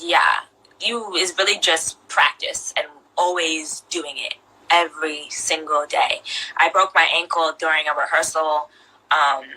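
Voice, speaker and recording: Bright-voiced giggly young woman. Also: low-pitched, fairly even intonation, unhurried, slightly rough, poor audio. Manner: playful, giggly, self-deprecating. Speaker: guest. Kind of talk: casual interview chat.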